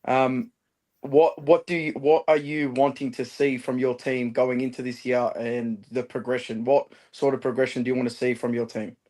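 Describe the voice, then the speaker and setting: A man's voice: medium pitch, little pitch movement, moderate pace, darkish tone. A man co-hosting a footy podcast, teasing the others with chuckling banter. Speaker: podcast co-host. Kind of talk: casual footy chat.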